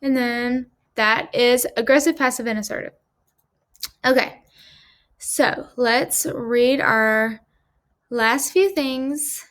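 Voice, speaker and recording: A woman's voice: on the high side, slow, long pauses, fairly bright tone. A woman presenting a class assignment, reading scenarios aloud and talking through each one casually, with fillers.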